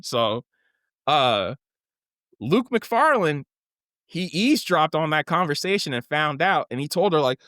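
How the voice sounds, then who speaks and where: A man co-hosting a podcast, casually recapping a TV show with lively, profane storytelling and acted-out quotes. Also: on the high side, a little slow, pauses often, no echo, clean studio sound. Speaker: podcast co-host.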